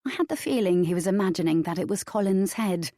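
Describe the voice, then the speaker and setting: Mellow-voiced woman narrating an audiobook. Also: fairly low pitch, animated, quick pace, dry recording, studio quality. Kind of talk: scripted first-person narration.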